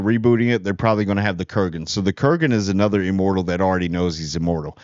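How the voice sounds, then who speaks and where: Low-voiced man rambling about movies. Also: dry recording. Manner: rambling, restarts and self-corrections. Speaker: movie channel host. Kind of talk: casual movie commentary. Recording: dull lo-fi dry sound.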